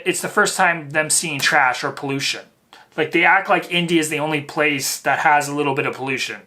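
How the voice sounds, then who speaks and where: A man's voice: on the high side, sharp tone. A man hosting a reaction video, talking in a rambling, mocking way full of fillers. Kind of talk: casual commentary.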